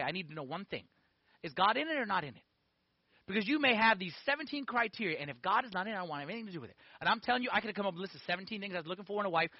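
A man in his forties giving a lively personal testimony in a sermon, peppering it with "okay?" and "like". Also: high voice, no echo, muffled recording. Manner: animated storytelling with frequent "okay?" and "like".

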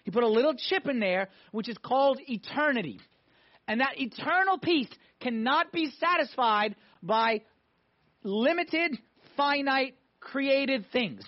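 A man preaching a sermon to a congregation, emphatic, swinging between loud pushes and hushed moments. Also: very high voice, expressive, unhurried. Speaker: pastor. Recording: dull lo-fi sound.

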